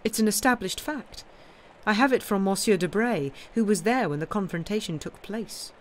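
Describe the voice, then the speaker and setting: A woman's voice: mid-range voice, moderate pace, a little hiss or hum, voice pushed up, lightly acted. A woman voicing a naive, gossipy aristocratic baroness in a storybook reading. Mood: insistent.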